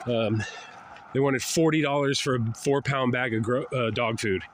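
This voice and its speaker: An older man with a head cold and a nasal voice, rambling in a casual walking vlog outdoors, often sighing and clearing his throat. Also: mid-range voice, moderate pace, a little hiss or hum. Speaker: traveling vlogger. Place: outdoors, walking along roads and a river valley.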